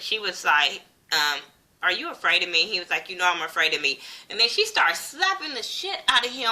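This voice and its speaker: A woman, giving a casual, profane recap of a TV episode and acting out the characters' lines as she goes. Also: lowish voice. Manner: blunt, profane, animated retelling with quoted voices. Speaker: TV show reviewer.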